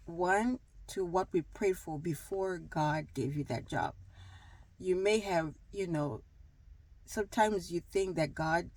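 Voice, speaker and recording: Her voice sits on the low side with a darkish tone, captured in a rough recording with no echo. She's a wellness vlogger in her thirties giving a casual faith talk to camera about gratitude, rambling with lots of fillers and playing out small dialogues.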